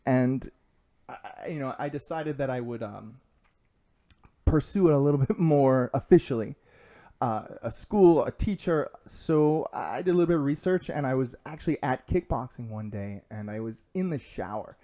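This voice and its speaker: Mellow-voiced man telling lively stories. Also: mid-range voice, moderate pace. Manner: animated, acts out quoted voices with laughs. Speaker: podcast guest. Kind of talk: casual storytelling chat.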